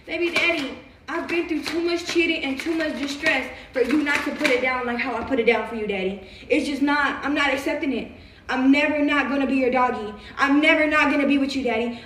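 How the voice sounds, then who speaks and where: High-voiced pleading woman, echoey and distant. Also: fairly even intonation, quick pace, a bit bright. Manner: pleading, repeats "baby daddy" over and over. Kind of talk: public marriage proposal. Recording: echoey and distant, faint noise.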